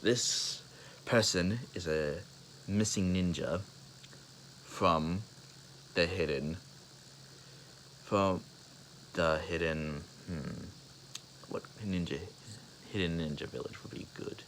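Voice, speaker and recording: Low-voiced man rambling through a story. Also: fairly bright tone, a little hiss or hum, poor audio. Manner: halting, rambling, with many restarts and fillers. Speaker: fan fiction storyteller. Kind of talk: improvised spoken fan story.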